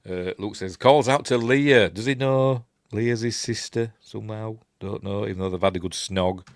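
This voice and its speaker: A man's voice: fairly low pitch, moderate pace, no room sound, clean studio sound. A man with a Yorkshire accent giving a casual, rambling film commentary, full of chuckling asides and playful character impressions. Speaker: film reviewer.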